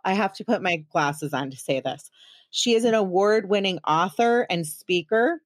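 A woman's voice: medium pitch, expressive, moderate pace, no echo, studio quality. A woman in her thirties hosting a podcast, talking in a chatty, self-deprecating and teasing way. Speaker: podcast host. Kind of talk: casual chat.

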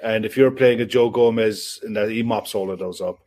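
A man co-hosting a football podcast, relaxed and agreeable, passing on questions from viewers in the chat. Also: lowish voice, moderate pace. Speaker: podcast co-host.

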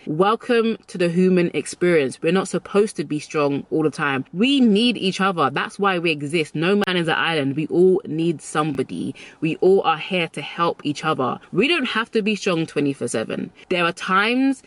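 A woman's voice: low voice, moderate pace, dry recording. A woman vlogger giving advice in a casual, chatty, emphatic way, often repeating her key phrases. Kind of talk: casual advice talk to camera.

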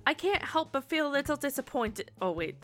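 A woman's voice: sits high, very animated, fairly quick, soft background music. A woman podcast co-host in casual chat, wry and playful. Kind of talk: casual chat and story reading.

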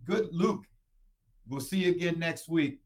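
A man hosting a casual show, telling stories in an animated way and tagging his lines with "right?". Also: fairly high pitch, a little slow, crowd noise. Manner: animated storyteller who tags lines with "right?". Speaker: show host answering listener questions. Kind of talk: casual storytelling chat.

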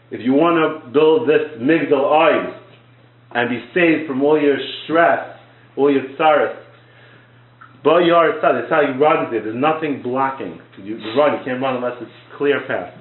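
A man's voice: medium pitch, unhurried. Man teaching Torah class, tinny echoey sound. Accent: Orthodox Jewish English with Hebrew and Yiddish words. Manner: repetitive, restarts words, tells a story. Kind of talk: sermon-style Torah class with a parable.

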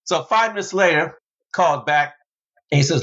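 A man from the United States telling stories in an interview as a former basketball player and motivational speaker, animated, with big leaps in pitch for emphasis. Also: moderate pace, pauses often, muffled recording. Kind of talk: storytelling interview.

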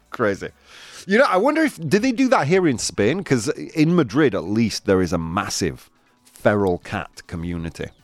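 Lively, animated male radio host. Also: medium pitch, measured pace, dry recording, soft background music. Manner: animated, laughs often, switches into Spanish translations. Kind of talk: casual radio chat, reading news items.

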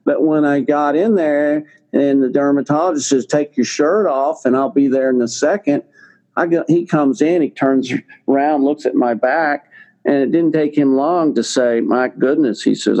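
A man's voice: mid-range voice, normal speed, a little mellow, lo-fi sound. An older man telling a long personal story in a casual, rambling way, with many fillers and restarts. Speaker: guest telling his health story.

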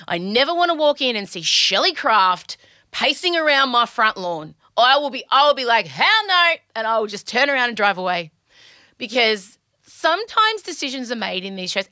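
Candid Australian woman, bright dry voice. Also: fairly high pitch, no echo. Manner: candid, anxious, chatty and swears freely. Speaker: podcast host. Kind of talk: casual podcast monologue.

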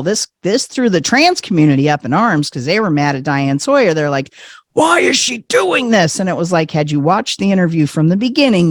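A man's voice: on the high side, no echo, clean studio sound. A middle-aged man telling a personal story with lots of laughter, acting out the voices of the people he quotes. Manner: animated, laughing, acts out quotes.

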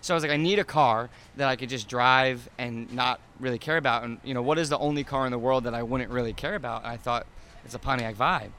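A man's voice: mid-range voice, fast, bright, forceful tone, a little hiss or hum. A man in his thirties, an interview guest chatting casually about his cars, rambling with lots of fillers and restarts.

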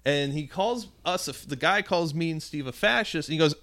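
With a voice on the high side, this podcast co-host talks briskly with hardly any pauses, and there's no echo. He swears freely while telling stories in casual chat, vividly acting out the characters' quotes.

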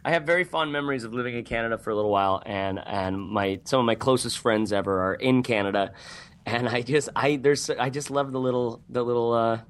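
A man's voice: mid-range voice, brisk. A man appearing as a podcast guest, teasing the host playfully and joking. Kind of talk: casual podcast conversation.

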